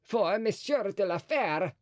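A man voicing a scheming, frightened old Italian cardinal in an audiobook, with a shrill, crafty, nervous manner. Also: lively intonation, unhurried, no room sound, clean studio sound.

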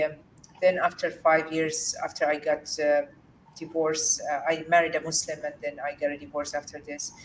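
A woman from Jordan, a guest in an interview, telling a personal story in an earnest, halting way with many fillers and restarts. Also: deep voice, slight background noise. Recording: distant mic with faint room ambience.

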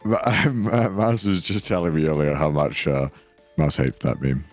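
A man with a British accent chatting casually on a stream, giggly and self-deprecating, full of quick asides. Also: a bass voice, lively intonation, faint music behind. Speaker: streamer guest. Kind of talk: casual gaming stream chat.

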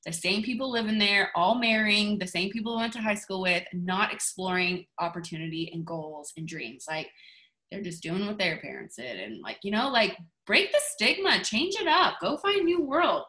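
A woman's voice: mid-range voice, lively intonation, moderate pace, bright, forceful tone. A woman giving a motivational talk to her team over a video call, in a chatty, gushing way. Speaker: team leader.

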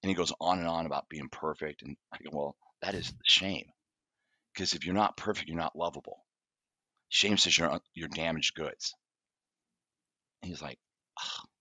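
A man's voice: very deep voice, normal speed, long pauses, husky, dry recording. A middle-aged man, a therapist guest on a podcast, telling stories from his practice and acting out what his clients say. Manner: animated storyteller, acts out client dialogue. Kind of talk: conversational podcast interview.

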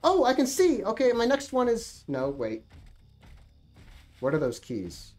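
A woman streamer talking to herself through a game, profane and animated, thinking aloud. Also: on the high side, measured pace, soft background music. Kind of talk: gaming livestream commentary.

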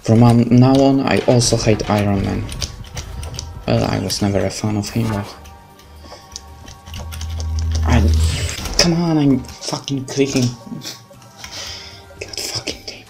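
A man's voice: medium pitch, moderate pace, vocal fry. A man with a Polish accent, a gaming video creator who swears a lot and vents in sarcastic, angry outbursts during commentary. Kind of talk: frustrated gameplay commentary. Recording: faint game music behind.

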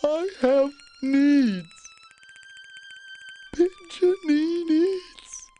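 A woman's voice: on the high side, very animated, drawn-out words, soft background music, full character voice. A woman voicing a pushy, whiny cartoon pigeon in a game, wheedling and bargaining with big dramatic outbursts. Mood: pleading. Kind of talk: animated game character voice.

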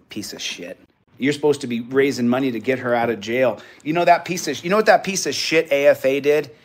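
A man's voice: fairly high pitch, fairly bright tone, no echo. A young man in a heated, profane rant to his vlog audience, repeating himself as he vents. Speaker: vlogger. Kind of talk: angry rant to camera.

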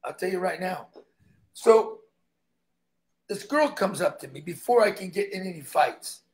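A man's voice: sits high, expressive, measured pace, a little mellow. A man who is a stuntman, guesting on an interview and telling emphatic stories in which he acts out the dialogue.

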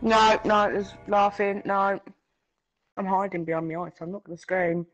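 A woman's voice: medium pitch, fairly even intonation, normal speed, soft background music, low-quality recording. A woman playing a horror game with a friend on stream, nervous and blurting frightened outbursts. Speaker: co-player. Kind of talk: live game stream chat.

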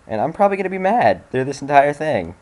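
A man's voice: a little high, very animated, fast talker, darkish tone. A young man giving casual commentary on a game he is playing, sarcastic and swearing, with sudden frustrated outbursts. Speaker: let's play gamer.

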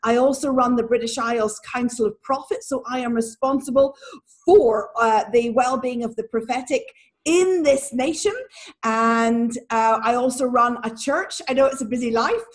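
A woman in her forties with a Northern Irish accent, a guest in an interview, talking in a lively, animated way and laughing often. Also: fairly high pitch, normal speed. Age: 40s. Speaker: guest, prophet and church leader. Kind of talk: casual interview talk.

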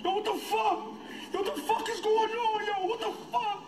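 A man's voice: very high voice, fairly even intonation, normal speed, crowd noise. A man playing a skeptical young friend who talks in slang, full of "yo" and "man", in an amateur short film. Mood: panicked. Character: young man's skeptical street-talking friend. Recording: echoey, noisy amateur audio.

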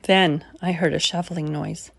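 A woman reading a children's picture book aloud as a storyteller, unhurried and gentle. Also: sits low, steady tone, gravelly, slight background noise.

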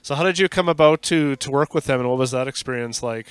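A man hosting a podcast interview, asking questions and giving short, soft-spoken replies. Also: medium pitch, quick pace, clear, resonant tone, no echo. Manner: soft-spoken, brief encouraging responses. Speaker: podcast host. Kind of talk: casual interview.

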